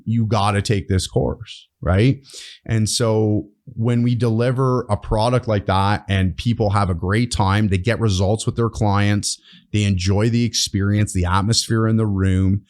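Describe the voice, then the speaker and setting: A man who founded a training course talks earnestly as a podcast guest in a casual interview, often checking in with "right?" as he explains. His voice is on the low side and darkish, with a steady tone and a measured pace.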